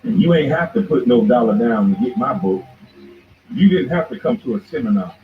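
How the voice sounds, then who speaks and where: Speaking fairly quickly in a sing-song, mid-range voice, a male show host launches into a heated, confrontational rant, repeating "boy" again and again. The audio sounds tinny and phone-like, with faint noise.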